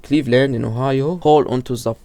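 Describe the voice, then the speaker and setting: Stammering man with a mellow voice. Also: medium pitch, fairly even intonation, fairly quick, no echo. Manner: stumbling, frequent restarts and self-corrections; informal, filler-heavy delivery. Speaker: YouTube lore explainer. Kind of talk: casual horror lore explainer.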